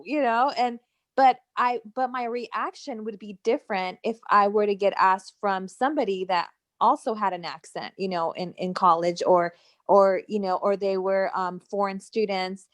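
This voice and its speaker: A woman asks a question in a workshop discussion, hesitant and searching for words. Her voice is mid-pitched. It sounds dry, with no room echo. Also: moderate pace. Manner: hesitant, many fillers. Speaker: workshop participant.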